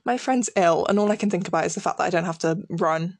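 A young woman chats casually and laughs at herself as she talks. Her voice carries a gravelly fry at the ends of phrases. The recording is close and dry, with no room sound. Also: on the low side, fast talker, dry recording. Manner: giggly, self-mocking, animated. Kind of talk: casual chat, reading from an old diary.

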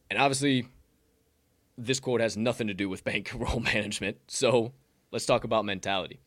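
A man hosts a sports betting podcast in loose, energetic banter. He swears freely and wanders off on tangents. The recording is dry and close. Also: on the low side, a little fast, dry recording. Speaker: podcast host. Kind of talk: casual sports betting chat.

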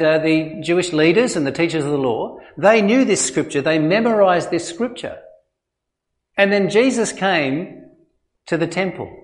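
An Australian man preaching a sermon in a church in a conversational way, with frequent fillers and restarts. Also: high-pitched. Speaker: pastor.

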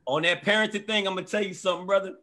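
A high, bright-voiced man hosts a comedy show, swearing freely and acting out his household in animated stories. His delivery is loud and lively. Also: very fast. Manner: profane, animated storytelling that acts out family members. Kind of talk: stand-up storytelling. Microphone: live stream.

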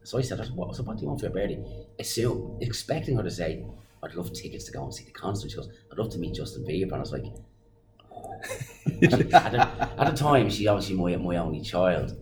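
A man in his forties with an Irish accent, a podcast guest telling a story in an animated way and acting out what others said. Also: deep voice, fairly quick. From Ireland. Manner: animated storyteller, acts out quoted lines. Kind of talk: casual storytelling interview. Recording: noisy background hiss.

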